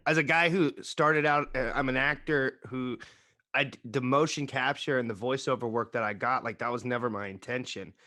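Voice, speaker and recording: A man with a Bay Area accent, an actor talking as a guest in a casual interview, halting and self-deprecating. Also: medium pitch, steady tone, bright, forceful tone.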